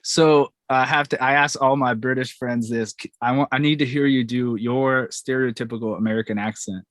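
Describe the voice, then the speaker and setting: A man hosting a music podcast in a relaxed, upbeat way. His voice sits at an average pitch and sounds dry and close, with no room echo. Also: normal speed. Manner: upbeat, friendly, chatty questions. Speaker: podcast host. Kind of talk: casual podcast interview.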